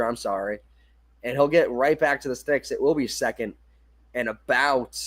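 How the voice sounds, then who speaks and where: Delivering fan commentary on a football livestream, a young man speaks in a mid-range voice at a moderate pace. He's casual and weary, yawning, fixing his own mistakes, and saying sorry when he slips up.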